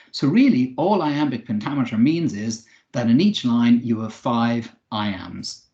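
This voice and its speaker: A man giving an online English lesson, explaining clearly with occasional fillers. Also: mid-range voice, darkish tone, dull audio. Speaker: English teacher.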